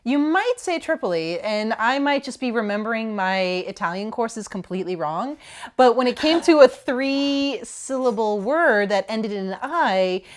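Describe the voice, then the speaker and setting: A woman's voice: on the high side, expressive, moderate pace. A young adult woman co-hosting a casual podcast chat, rambling through asides and swearing freely. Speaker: podcast co-host.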